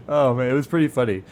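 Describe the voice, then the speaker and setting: A man's voice: mid-range voice, slight background noise. A man co-hosting a casual tech talk show, joking around and reading an article in a playful, dramatic way. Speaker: co-host. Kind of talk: casual tech podcast chat.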